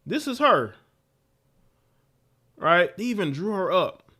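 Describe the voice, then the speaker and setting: A man's voice: high voice, slow pace, slightly rough. A man hosting a livestream, ranting in casual commentary with repeated phrases and laughs. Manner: animated, repetitive ranting with laughs. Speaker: livestream host.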